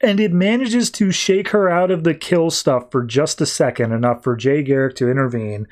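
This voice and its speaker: This podcast host, with a slightly mellow voice on the high side, gives a laid-back rundown of a comic book issue. He paraphrases what the characters say quickly and casually, using "like" again and again.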